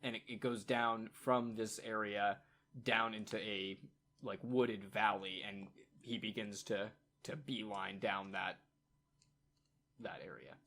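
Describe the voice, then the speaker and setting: A man narrating a tabletop game as game master, in a casual, halting way with many fillers. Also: fairly low pitch, steady tone, pushed and bright.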